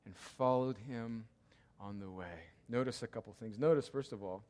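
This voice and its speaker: A man preaching a sermon as pastor, emphatic and repetitive, swinging from loud cries to hushed, quiet passages. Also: on the low side, moderate pace. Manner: emphatic, repeats key lines, swings between loud cries and hushed tones. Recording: long hall reverb.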